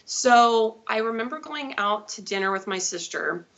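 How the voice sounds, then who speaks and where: A woman's voice: on the high side, expressive, normal speed, a bit bright. A woman in her thirties, a guest telling her own story in a live interview, chatty and rambling with self-corrections. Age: 30s. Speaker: guest, diabetes advocate. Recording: dull lo-fi audio.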